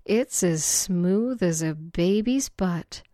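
A woman voicing a playful, eager young woman in a slow, breathy read-aloud story. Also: on the low side, expressive, mellow, no echo, clean studio sound.

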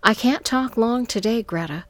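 A woman's voice: fairly high pitch, normal speed, dry recording, voice pushed up, lightly acted. Woman doing an eager man on the phone. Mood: excited.

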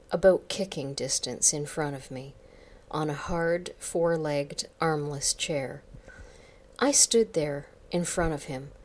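A woman tells a first-person story in a soft, intimate voice. Her voice sits low, and she takes her time. At moments she sinks almost to a whisper. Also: a little hiss or hum. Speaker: story narrator. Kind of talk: scripted first-person narration.

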